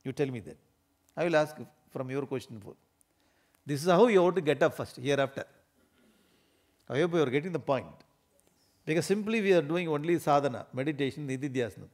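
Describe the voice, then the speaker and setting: A man giving an animated, emphatic spiritual discourse, often laughing as he talks. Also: fairly high pitch, fairly quick, pauses often.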